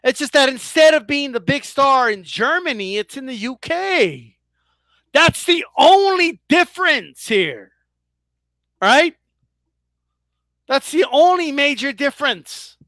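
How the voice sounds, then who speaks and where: Lively, bright-voiced man ranting about boxing. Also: very high-pitched, slow, long pauses, no echo. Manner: profane, keeps asking the viewers "right?"; animated, stumbling restarts. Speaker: boxing commentator. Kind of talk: casual opinion rant.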